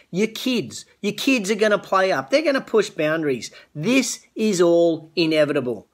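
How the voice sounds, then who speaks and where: Speaking to camera on a live stream, the middle-aged Australian host of a business show coaches his audience with earnest motivation and calls out viewers by name. His voice runs somewhat high for a man.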